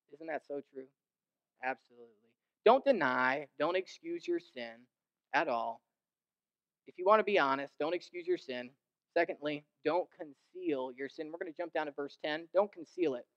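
A young man preaching a sermon, animated and conversational, who slips into mimicking the people he describes and rises in pitch and volume to drive a point home. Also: highs cut off. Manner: animated, mimics others in quoted asides, rises in pitch and volume when emphatic. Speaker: pastor.

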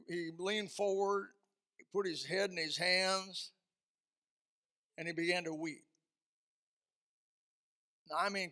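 High, bright-voiced man preaching with emphasis. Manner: emphatic, repeats words for stress, swells louder at key points. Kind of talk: storytelling sermon.

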